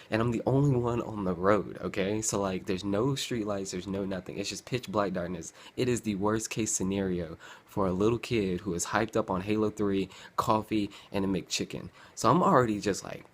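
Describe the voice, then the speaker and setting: Young male vlogger, lowish voice, loose and rambling storyteller who acts out scenes. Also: normal speed, hardly any pauses. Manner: rambling, animated, acts out his past self with groans and sighs. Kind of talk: casual storytelling.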